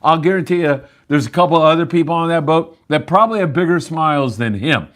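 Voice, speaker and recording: A man's voice: on the high side, quick pace, fairly bright tone. A man hosting a live sportfishing update from a landing, chatty and upbeat, with plenty of fillers as he rambles along. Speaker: fishing show host. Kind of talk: live fishing report.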